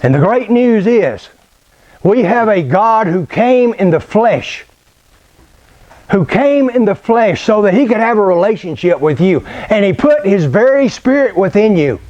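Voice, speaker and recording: Folksy preacher man telling a story, high voice, dull dry recording. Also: sing-song, a little slow, a little mellow. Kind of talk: storytelling sermon.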